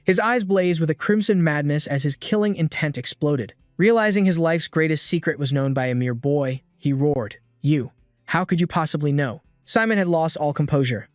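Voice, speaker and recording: A man narrating a scripted story recap with a steady storytelling delivery. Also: fairly high pitch, normal speed, few pauses, dry recording, clean studio sound, faint music behind.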